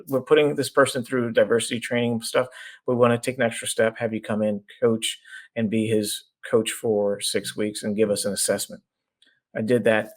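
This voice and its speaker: A middle-aged man, an executive coach guesting on a podcast, explaining his ideas through lively stories and acted-out voices. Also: fairly low pitch. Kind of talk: conversational storytelling.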